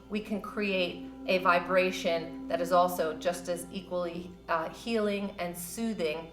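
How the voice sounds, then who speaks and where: A woman teaching a yoga class, guiding breathing and stretches in a gentle, encouraging, loosely conversational way. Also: on the low side. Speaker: yoga instructor. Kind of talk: guided yoga class instruction. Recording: roomy with soft music behind.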